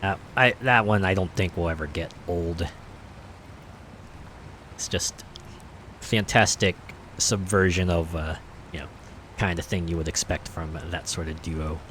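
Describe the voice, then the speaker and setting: A man's voice: low voice, steady tone, unhurried, pauses often, a bit bright, slight background noise. A man streaming a game, chatting casually in a rambling, hesitant way with many fillers. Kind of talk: casual chat while playing.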